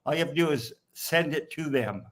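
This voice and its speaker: A man's voice: on the high side, animated, a little fast. A man in his sixties hosting a casual live stream chat, teasing his friends. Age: 60s. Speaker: host.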